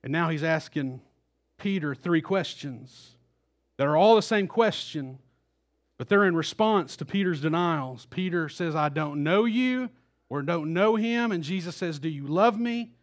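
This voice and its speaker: Male pastor, high-pitched, animated sermon delivery, dramatizes quotes. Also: unhurried. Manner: animated, acts out quoted voices with rising intensity.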